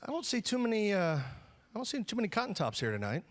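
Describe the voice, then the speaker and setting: Loud high-pitched stand-up comedian man. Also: very animated, fast. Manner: loud, exaggerated, often shouting punchlines. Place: live comedy stage with audience. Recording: live stage mic, crowd laughter and noise. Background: audience laughing.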